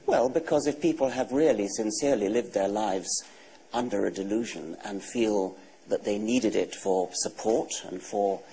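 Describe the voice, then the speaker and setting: Guest author, English, 60s. Low, dark voice, measured and deadpan, faint studio hum behind. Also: male voice, vocal fry, low-quality recording. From England. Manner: measured, dry, matter-of-fact. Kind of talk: TV talk show interview.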